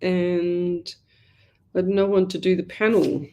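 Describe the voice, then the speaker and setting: A woman's voice: fairly low pitch, steady tone, unhurried, warm tone. A woman hosts a live psychic medium show from her home. She rambles in a chatty, informal way, full of fillers and little asides.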